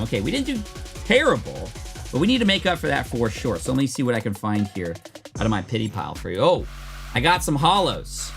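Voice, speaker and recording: A man's voice: mid-range voice, a bit bright. Chatty man live-streaming. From United States. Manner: upbeat, chatty, reads chat aloud. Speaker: streamer opening card packs. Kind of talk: casual live-stream chat.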